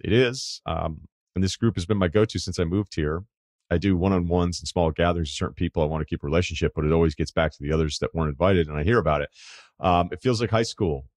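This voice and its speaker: A man's voice: low voice, dry recording, clean studio sound. A man hosting an advice podcast, reading listener emails aloud in a wry, conversational way and breaking off into asides and mocking quotes. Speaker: podcast host.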